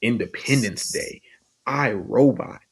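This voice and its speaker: A man hosting a podcast in casual chat, talking in an animated, emphatic, argumentative way. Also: medium pitch, slow, breathy edge. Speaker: podcast host.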